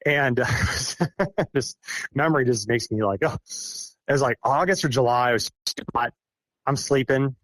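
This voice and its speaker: A man's voice: medium pitch, fairly bright tone, dry recording. A young man from Iowa tells his stories as a podcast guest, his voice sitting in a medium register. He rambles and restarts his sentences, chuckling between thoughts. The recording is dry and close, with no room sound around him. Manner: rambling, halting restarts with frequent laughs. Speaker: podcast guest, forestry contractor. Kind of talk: casual storytelling interview.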